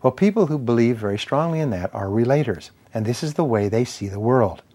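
A man delivering a motivational lecture on persuasion, measured and emphatic, ticking through points in steady lists. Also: medium pitch. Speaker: speaker on persuasion and sales.

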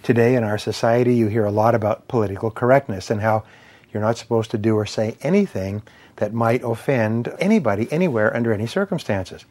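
A man delivering a motivational lecture on persuasion, measured and emphatic, ticking through points in steady lists. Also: fairly low pitch. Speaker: speaker on persuasion and sales.

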